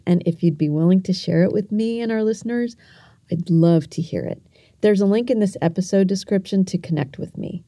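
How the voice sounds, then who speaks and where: A middle-aged woman tells a story and teaches kids on her podcast in an earnest, gentle way. Her voice is very dark and mellow, with a middle pitch. The recording is dry and close, with no room sound. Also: animated, normal speed, no echo. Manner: earnest, gentle, talks straight to the listener. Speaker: podcast host.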